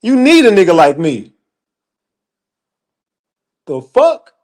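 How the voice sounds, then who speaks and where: High-voiced man ranting emphatically. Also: wildly swooping pitch, slow, a little mellow. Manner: profane, emphatic, addresses chat directly. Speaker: livestream commentator. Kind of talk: heated livestream rant.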